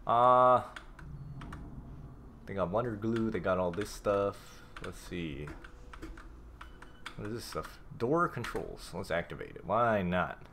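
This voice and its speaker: A man casually commenting on a game as he plays, reading notes aloud, swearing and reacting loudly. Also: lowish voice, lively intonation, slow pace, vocal fry, long pauses, slight background noise. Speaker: gameplay streamer. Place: home room with a cat.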